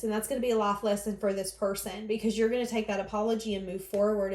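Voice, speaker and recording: A woman's voice: medium pitch, a little mellow, roomy sound. A woman giving an earnest, emotional tarot reading, voicing other people's thoughts in the first person. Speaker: tarot reader.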